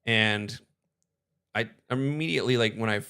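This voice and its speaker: A man's voice: fairly low pitch, normal speed, pushed and bright, clean tone. A young man casually telling a story to camera, rambling and hesitant, often chuckling between phrases.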